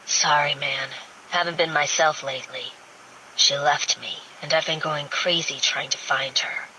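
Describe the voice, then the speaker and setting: A woman's voice: low voice, moderate pace, bright, forceful tone, a little hiss or hum, low-quality recording. A woman voicing a tense, lovesick billionaire man who sounds strained and urgent.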